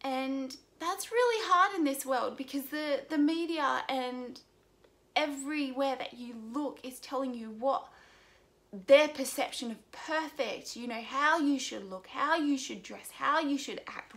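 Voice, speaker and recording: High-voiced earnest young woman vlogger. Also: a bit bright. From Australia. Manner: earnest, pleading, tearful at times. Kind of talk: emotional personal vlog.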